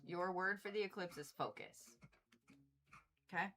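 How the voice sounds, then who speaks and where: A woman doing a casual livestream card reading, blunt and animated, swearing freely and repeating herself for emphasis. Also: on the low side, measured pace, soft background music. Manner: animated, exasperated asides. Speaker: Reiki and zodiac card reader.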